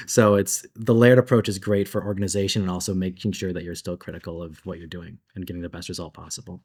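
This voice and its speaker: Casting note: deep-voiced male designer, chatty and animated, convention panel guest. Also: fast, hardly any pauses. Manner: animated, chatty, laughs between thoughts, uses filler like "like".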